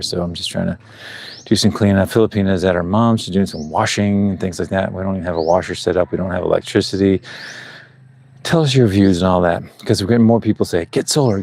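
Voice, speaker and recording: Fairly low in pitch, creaky and darkish in tone, a middle-aged man livestreams outdoors at a rural construction site. His chat is casual and wandering, punctuated by chuckles, recorded on a clip-on mic with slight background noise.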